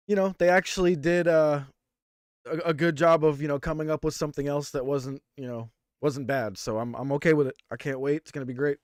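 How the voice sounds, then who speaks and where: Easygoing man, smooth dry voice. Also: a little high, no room sound. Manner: easygoing, laughs often. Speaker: co-host. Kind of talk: casual wrestling review chat.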